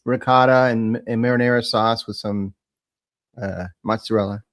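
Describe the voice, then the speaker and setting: A man's voice: fairly low pitch, normal speed, dry recording. A man chatting easily as a guest on a live stream. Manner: relaxed, talks about food and beer. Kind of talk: casual chat.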